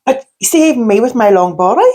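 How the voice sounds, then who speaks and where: A woman's voice: on the high side, expressive, fast talker, warm tone. A woman co-hosting a podcast, telling chatty stories about her weekend in casual conversation. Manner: chatty storytelling. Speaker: podcast co-host. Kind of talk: casual chat.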